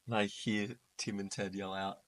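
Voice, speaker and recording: Young bloke telling a travel story to mates, loose and animated, acts out bits of it. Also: male voice, lowish voice, moderate pace. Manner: animated, laughing storyteller acting out voices. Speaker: guest. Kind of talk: casual storytelling chat. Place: indoors, holiday flat.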